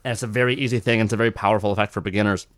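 A man co-hosting a podcast in casual, animated chat who slips into mocking impressions. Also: on the low side, racing, no room sound, studio quality. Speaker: podcast co-host.

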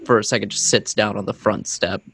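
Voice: low-pitched, fairly even intonation, a little fast, a bit bright, slightly rough, dry recording. A player in a tabletop game, describing his character's actions in a rambling way full of fillers. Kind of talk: casual tabletop game play.

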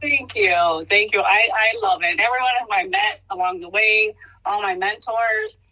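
A middle-aged woman, a hairstylist guest in a casual interview, talking in halting bursts with many restarts and lively quoted reactions. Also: medium pitch, dull audio.

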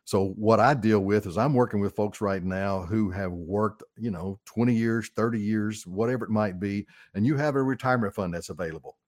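A man's voice: on the low side, moderate pace, hardly any pauses, darkish tone, dry recording, clean studio sound. Folksy Arkansas man hosting radio. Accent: Arkansas Southern. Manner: folksy, upbeat, often says folks. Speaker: radio show host, financial advisor. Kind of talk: radio talk show monologue.

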